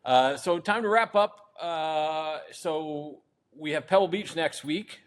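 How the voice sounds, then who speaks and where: A man hosting a podcast in casual chat, upbeat and quick with short replies. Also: on the high side. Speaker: podcast host.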